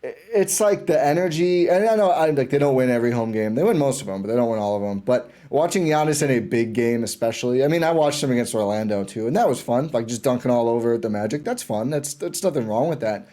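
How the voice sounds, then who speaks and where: A man guesting on a sports podcast, talking like an excited fan and often restarting his sentences. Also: mid-range voice, fast, hardly any pauses. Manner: enthusiastic fan, rambling with restarts. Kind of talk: casual sports chat.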